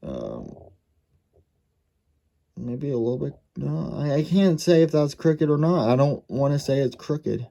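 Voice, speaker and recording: A man's voice: a little high, big pitch swings, measured pace, gravelly, long pauses, mellow. A man casually reviewing a model race car, thinking aloud and correcting himself as he goes.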